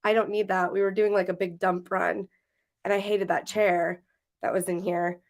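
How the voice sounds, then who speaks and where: A woman's voice: lowish voice, flat delivery, moderate pace, gravelly, darkish tone. Woman, podcast co-host, casual livestream chat, laughs easily, rambles. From Washington State. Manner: chatty, laughs often, rambling restarts.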